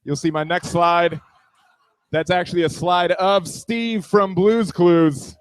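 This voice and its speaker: A man's voice: sits high, fairly even intonation, slow, clear, resonant tone, no echo. A man in his twenties doing a stand-up comedy set on a small bar stage, self-deprecating and riffing on the room around him. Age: 20s.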